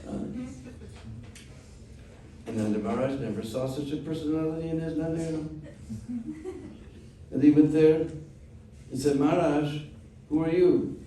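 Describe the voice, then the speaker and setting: Brief: male spiritual teacher, mellow voice, storytelling class, echoey room from far off. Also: fairly high pitch, steady tone, slight background noise. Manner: unhurried, with frequent "hmm?" check-ins.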